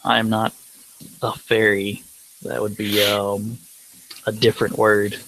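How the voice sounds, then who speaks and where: A man voicing a guarded, secretive male schemer in a tabletop game, with measured, deliberate lines. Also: on the low side, completely flat delivery, background noise. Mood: correcting.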